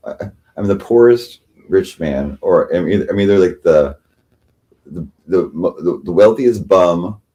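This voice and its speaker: A tired man rambling through a casual livestream chat, halting and restarting often, swearing freely. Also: deep voice, mellow. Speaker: livestream host.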